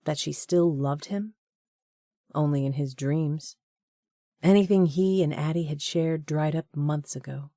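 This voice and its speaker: A woman narrating a romance audiobook in a measured, even storytelling manner. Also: sits low, dry recording, studio quality. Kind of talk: scripted narration.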